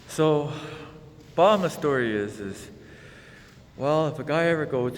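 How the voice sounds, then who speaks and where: A man's voice: mid-range voice, expressive, moderate pace, pauses often, big-room sound, noisy background. A man telling an exasperated, casual story in his vlog. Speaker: vlogger.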